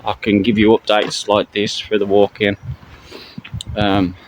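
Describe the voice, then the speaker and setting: A middle-aged man from Britain talking to his viewers while out on a walk, halting and full of fillers, out of breath. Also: on the low side, monotone, rough recording. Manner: halting, many fillers and restarts. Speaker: camping channel vlogger. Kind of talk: casual spoken update to viewers while walking. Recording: loud outdoor traffic noise.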